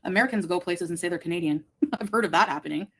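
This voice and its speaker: A woman's voice: fairly low pitch, rapid-fire, background noise. A woman co-hosting a casual livestream, reading viewer comments aloud and chuckling. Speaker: livestream co-host.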